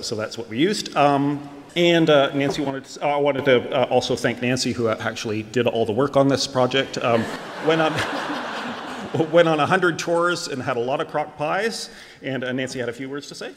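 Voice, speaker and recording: Halting man in an echoey hall. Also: medium pitch. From Australia. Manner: hesitant, many ums and uhs, joking. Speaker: prize winner giving speech. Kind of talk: halting acceptance speech. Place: large auditorium stage. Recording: echoey hall, faint noise.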